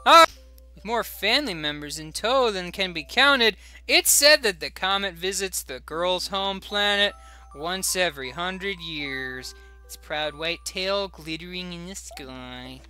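Brief: male streamer, jokey asides, reads story text aloud, unhurried delivery, bright timbre. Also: sits high, expressive, smooth, soft background music. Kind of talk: game stream commentary.

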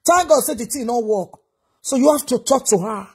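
A woman's voice: fairly high pitch, expressive, normal speed, husky. A Nigerian woman giving a reaction vlog, lecturing in a preachy way and repeating her advice over and over. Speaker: commentator.

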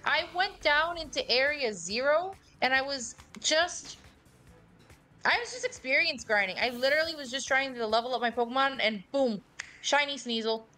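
A woman streaming a game with friends, telling stories in an excitable, animated way and swearing freely. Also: high-pitched, normal speed, faint music behind. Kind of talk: casual gaming chat.

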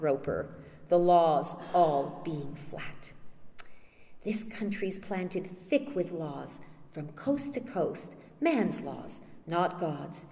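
Woman reading a principled older statesman: low, slow, echoing in a hall. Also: darkish tone. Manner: read aloud as a quoted scene, earnest. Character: principled older male statesman, calm and stubborn. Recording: reverberant lecture hall.

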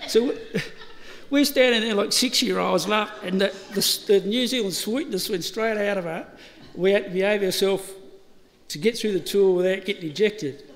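A eulogy from a middle-aged Australian man comes in a high, slightly bright voice at a moderate pace. He laughs while telling funny stories and acts out the dialogue, and the funeral service hall adds reverb and faint ambient noise.

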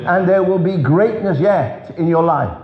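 Preacher in echoey church hall. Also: male voice, lively intonation, a little slow, dull audio. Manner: earnest, storytelling, emphatic drops in pitch. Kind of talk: revival sermon.

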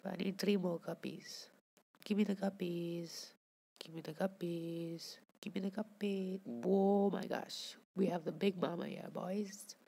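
A woman's voice: fairly low pitch, little pitch movement, unhurried, creaky, mellow, slightly rough. A woman giving casual commentary over her own gameplay, chatting with viewers and scolding the fish on screen.

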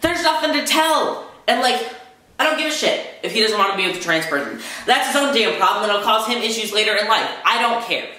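A young man in a heated, swearing vlog rant, talking fast and full of anger. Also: high-pitched, animated, bright, forceful tone. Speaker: vlogger. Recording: very echoey room.

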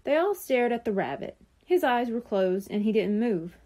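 A woman from a library reading a children's chapter book aloud with expressive, clear storytelling. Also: a little high, moderate pace.

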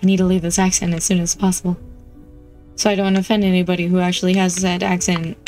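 A woman chatting playfully as she plays a video game, easily excited. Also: on the low side, quick pace, soft background music. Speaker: gameplay streamer. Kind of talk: casual gameplay commentary.

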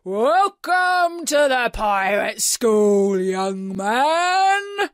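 Loud booming pirate captain, big menacing storybook villain, a lady doing the voice, slow and dry. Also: big pitch swings, no room sound, heavily acted. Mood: booming menace. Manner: booming, theatrical.

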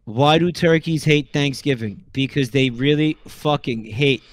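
A man on a stream reading out a list of jokes in a weary, deadpan way, sounding exasperated. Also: mid-range voice, unhurried, dry recording. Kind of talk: casual stream chat.

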